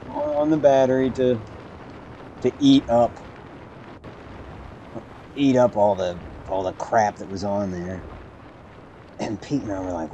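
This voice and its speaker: A man's voice: on the low side, mellow, a little hiss or hum. A man streaming a game, telling a rambling story with dry humor and frequent self-corrections. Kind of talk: casual storytelling while streaming.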